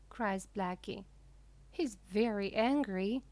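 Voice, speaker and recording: Slow, lively woman reading a storybook. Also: dry recording. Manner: clear, deliberate reading with lively pitch. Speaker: reader.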